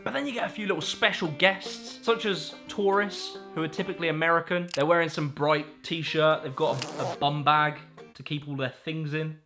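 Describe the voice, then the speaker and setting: A young man narrating a comic explainer in a wry, playful way. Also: on the high side. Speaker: YouTuber. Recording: light music underneath.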